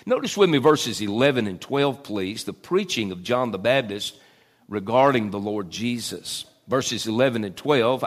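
A man's voice: lowish voice, lively intonation, unhurried. A middle-aged man preaching a sermon, with many "uh" fillers and rising emphasis. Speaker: pastor.

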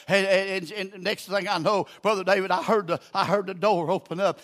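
An older Southern preacher with a high-set, bright voice tells homespun stories from the pulpit. His folksy delivery sinks to near-murmurs and then climbs into ringing shouts. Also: steady tone, brisk, hardly any pauses. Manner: folksy storytelling, swings from hushed to shouting. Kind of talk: sermon.

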